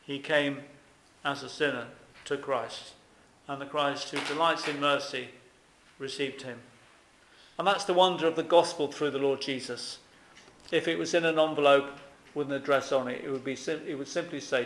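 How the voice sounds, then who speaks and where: A man's voice: mid-range voice, fairly even intonation, normal speed, a bit bright, roomy sound, slight background noise. A man preaching a sermon earnestly, with emphatic repetition and rhetorical questions to his congregation.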